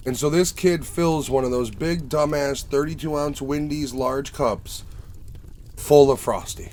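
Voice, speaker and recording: A man's voice: medium pitch, unhurried. A man hosting a casual chat, telling stories with plenty of swearing and acting out the people in them. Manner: profane, storytelling, animated in anecdotes.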